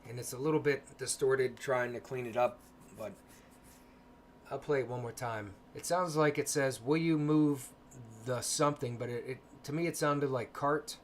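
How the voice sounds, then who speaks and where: A man of ordinary pitch talks in a low-key, hesitant way, pausing often with ums as he hosts a casual livestream. A faint hiss of background noise sits under his voice from a home computer mic. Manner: soft-spoken, hesitant with many ums. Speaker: paranormal livestream host.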